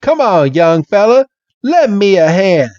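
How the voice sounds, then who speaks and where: A folksy, know-it-all Southern fellow, as a man puts on the voice hollers in a high, swooping drawl. The audio is dull and dry. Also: sing-song, measured pace, darkish tone, no echo. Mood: folksy, bossy. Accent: put-on Southern American. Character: folksy Southern male Pokémon expert.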